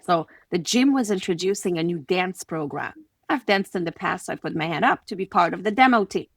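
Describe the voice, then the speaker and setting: Quebec French-accented woman, low, dry. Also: brisk, creaky, no room sound. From Quebec City, Canada. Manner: animated, acts out little scenes in quoted voices. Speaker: guest, confidence coach. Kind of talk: conversational podcast interview.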